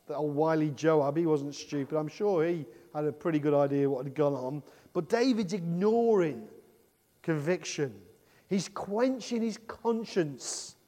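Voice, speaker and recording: A man's voice: fairly high pitch, a little slow, warm tone. A middle-aged man from England, preaching a sermon in a conversational way, asking rhetorical questions and acting out the words he quotes. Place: church. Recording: long reverb of a large hall.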